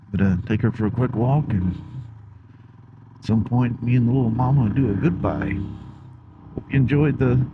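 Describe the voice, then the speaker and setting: A man's voice: fairly low pitch, dull audio, background noise. A middle-aged man vlogging outdoors on a rural road with a clip-on mic, chatting in a folksy, rambling way. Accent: Pacific Northwest American. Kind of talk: casual vlog chat. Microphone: wireless clip-on mic.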